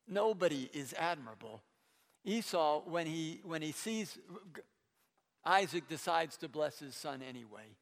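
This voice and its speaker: Guy preaching, high voice, talky, trips over words, long hall echo. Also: a little slow. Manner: conversational, stammering restarts, animated quoting. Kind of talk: sermon retelling a Bible story.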